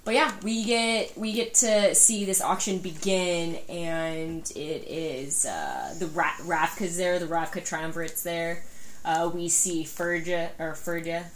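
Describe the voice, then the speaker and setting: A woman co-hosting a casual book podcast, animated and swearing, with quick agreeing murmurs. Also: fairly low pitch, a little hiss or hum. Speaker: podcast co-host.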